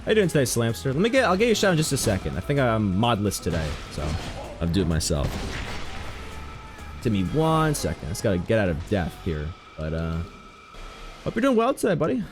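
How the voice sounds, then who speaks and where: A young man rambles through a live game stream, his voice low but swinging widely up and down as he jokes and tells stories. Faint music plays under him. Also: fairly quick. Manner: joking, rambling, animated storytelling. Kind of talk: casual live-stream chat while gaming.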